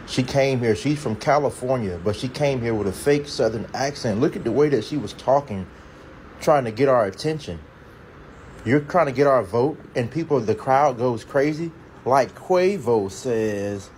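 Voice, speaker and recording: Male commentator, indignant and sarcastic, mid-pitched, faint ambience behind. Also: lively intonation, moderate pace, darkish tone, a little hiss or hum. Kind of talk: ranting video commentary.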